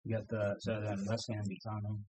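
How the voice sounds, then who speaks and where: Easygoing low-voiced man recapping matches. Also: fairly quick, poor audio. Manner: relaxed, frequent ums, recaps results. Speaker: podcast co-host. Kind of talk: casual sports chat.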